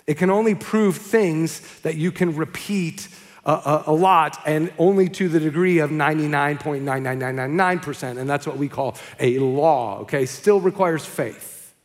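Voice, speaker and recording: Preaching to his congregation, this pastor keeps things casual, weaving in stories and asking "okay?" now and then. His voice sits slightly high for a man, and a big hall's long echo trails his words.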